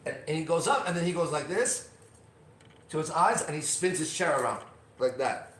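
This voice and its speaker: A middle-aged man telling a personal story on a podcast, emphatic and profane, swinging from quiet to loud. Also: on the high side, expressive, moderate pace, recorded from a distance, slight background noise. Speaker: podcast host. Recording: roomy echo, off-mic.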